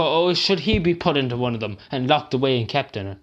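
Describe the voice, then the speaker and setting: A man's voice: mid-range voice, lively intonation, quick pace. An Irish man ranting to camera as a vlogger, agitated and upset, close to tears, swearing and repeating himself. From Ireland. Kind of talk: angry rant to camera.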